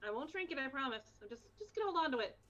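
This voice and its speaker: A woman's voice: sits high, very animated, rapid-fire, dull audio, over a noisy crowd. A woman playing a tabletop game over a call, giggly and pleading. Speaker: player. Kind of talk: casual game chat.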